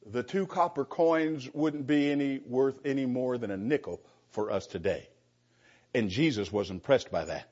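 Male pastor teaching a Bible class, earnest and emphatic, husky, on a dull lo-fi recording. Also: mid-range voice, measured pace.

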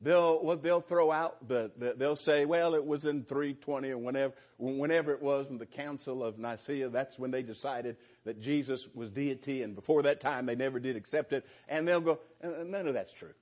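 A man's voice: medium pitch, moderate pace, few pauses, darkish tone. A man teaching a Bible study to a small group in a conversational way, earnest and often restarting his words. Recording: slightly dull lo-fi sound.

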